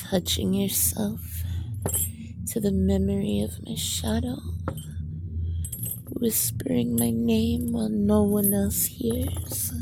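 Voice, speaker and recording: A woman performing a whispered role-play as a dominant giantess, teasing and commanding, with a breathy whisper and low laughs. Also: background noise.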